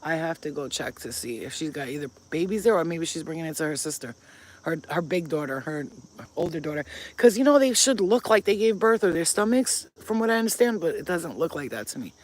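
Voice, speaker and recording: A woman's voice: low-pitched, expressive, a little fast, a little mellow. A woman vlogger telling stories to camera in a blunt, profane way, breaking off to talk baby talk to her pets. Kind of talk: casual storytelling to camera.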